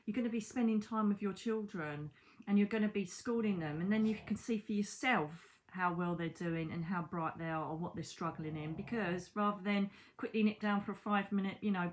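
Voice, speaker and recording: A British woman, a psychic medium, chatting casually to camera from home, animated, with asides to the viewer and mild swearing. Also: medium pitch, fairly quick, slight background noise, low-quality recording. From Britain. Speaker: psychic medium and channel host. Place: her own home, indoors.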